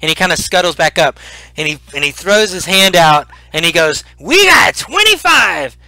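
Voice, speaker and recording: Guy dming a tabletop game, bright voice kinda high, stumbles and restarts a lot. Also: brisk, clean tone, dry recording, poor audio. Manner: animated, repeats words and restarts. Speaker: game master.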